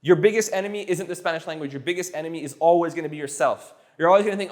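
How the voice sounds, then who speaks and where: A man teaching a casual one-on-one language lesson, patiently repeating phrases slowly so they sink in. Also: high voice. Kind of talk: casual tutoring session.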